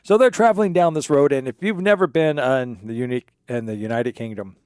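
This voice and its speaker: A man's voice: medium pitch, quick pace, darkish tone, clean tone, no echo, clean studio sound. A man hosting a game stream in casual chat, telling jokes in a rambling, digressive way. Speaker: gaming streamer. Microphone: streaming microphone.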